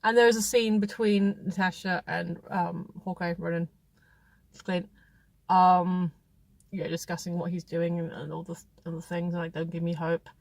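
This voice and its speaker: A woman's voice: fairly low pitch, steady tone, normal speed, creaky, darkish tone, no echo. A woman hosting a casual film review chat, rambling and chatty with frequent laughs. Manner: rambling, chatty, laughs often, many restarts.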